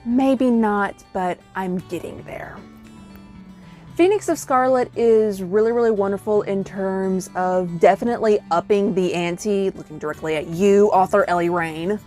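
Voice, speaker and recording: A woman's voice: mid-range voice, a little slow, darkish tone, faint music behind. A young woman reviewing a book in a casual vlog, gushing and dramatic, with lots of fillers. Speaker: book vlogger.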